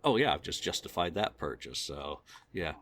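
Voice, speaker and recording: A man's voice: deep voice, expressive, normal speed, pushed and bright. A man hosting a casual podcast chat, rambling and self-deprecating with lots of fillers. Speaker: podcast host.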